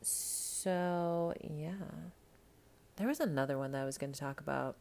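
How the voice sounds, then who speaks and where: A woman hosting a podcast in casual chat, animated and profane, talking straight to her listeners about reality TV. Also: deep voice, measured pace. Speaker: podcast host.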